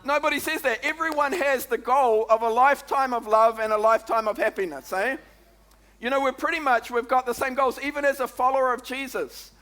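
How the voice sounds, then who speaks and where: A man with a New Zealand accent preaching a sermon as pastor, in a chatty, lively way that keeps calling out "come on" and "eh?" to the congregation. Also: very high-pitched, a little fast.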